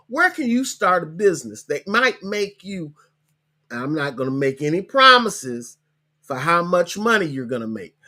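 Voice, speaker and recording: A man's voice: fairly high pitch, bright, forceful tone. Chatty man coaching online business. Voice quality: hiccups. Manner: chatty, repeats web links slowly, tags lines with okay. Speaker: podcast host.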